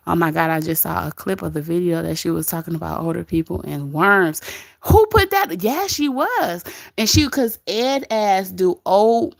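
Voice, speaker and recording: A woman with grown kids hosts a casual livestream, gossiping, reading viewer comments aloud and laughing often. Her voice is gravelly and medium in pitch, captured in clean studio sound with no echo.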